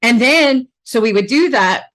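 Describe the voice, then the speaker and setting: A woman hosting a podcast, talking casually and with feeling, laughing often as she tells animated stories. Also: a little high, unhurried. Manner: animated storyteller, laughs often, mimics voices. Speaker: podcast host. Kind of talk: casual, emotional remembrance conversation.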